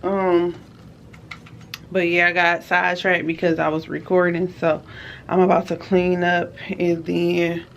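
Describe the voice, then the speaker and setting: A woman's voice: fairly low pitch, level tone, a little slow, vocal fry, dull audio, slight background noise. A woman vlogging casually, chatting to her viewers as y'all while she runs errands, cleans up and waits in her car, talking into a handheld phone. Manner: switches to soft whispers late at night. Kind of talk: casual vlog chat. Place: at home and in stores and car.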